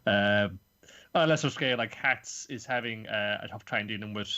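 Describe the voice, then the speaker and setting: A man's voice: lowish voice, normal speed, sharp tone, dull audio. A man co-hosting a casual podcast, rambling through episode recaps and acting out characters' lines. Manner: rambling, acts out quotes in voices. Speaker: podcast co-host.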